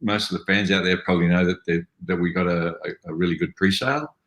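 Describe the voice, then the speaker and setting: Older Australian man, very low voice, chatty storyteller, echoey room on a video call. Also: quick pace. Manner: rambling, animated storytelling with mimicry. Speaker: actor guest. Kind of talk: casual interview anecdotes.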